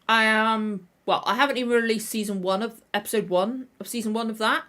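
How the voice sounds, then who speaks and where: A woman's voice: fairly high pitch, steady tone, brisk, a bit bright. Woman host, tired, throat a bit tender, rambling casual stream chat with constant restarts. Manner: rambling, self-correcting. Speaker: reaction channel host.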